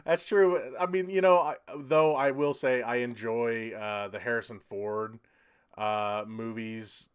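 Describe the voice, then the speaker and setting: A man's voice: on the low side, a bit bright, clear, resonant tone. A man hosting a casual livestream, rambling loosely and chuckling as he reads out viewer comments. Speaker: livestream host.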